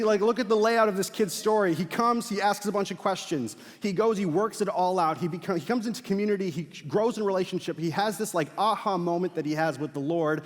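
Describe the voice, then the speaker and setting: A young man preaching a sermon as pastor, telling stories in a casual, animated way with fillers and laughs. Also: sits high. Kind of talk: sermon with storytelling. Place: large church auditorium. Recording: long hall reverb.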